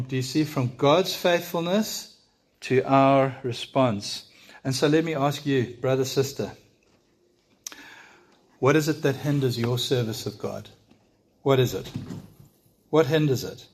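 Male preacher, mid-pitched, earnest sermon delivery in church, asks the congregation questions. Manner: earnest, direct address to congregation with rhetorical questions.

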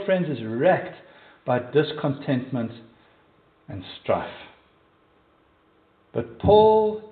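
A South African man preaches with emphasis, firing questions straight at his listeners. His fairly high voice sounds distant and thin, as if heard over a phone line. It rings out in a reverberant church. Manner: emphatic, asks the congregation direct questions. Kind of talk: sermon.

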